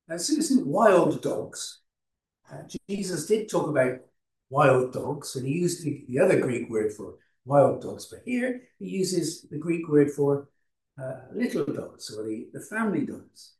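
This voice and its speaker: Preacher, roomy and off-mic. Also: male voice, fairly high pitch, sing-song, darkish tone, distant mic. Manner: unhurried, with frequent restarts and fillers. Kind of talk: sermon.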